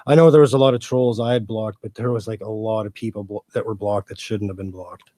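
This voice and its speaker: A man co-hosting a livestream in casual chat, calmly explaining things in a matter-of-fact way. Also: lowish voice, fairly quick, no echo.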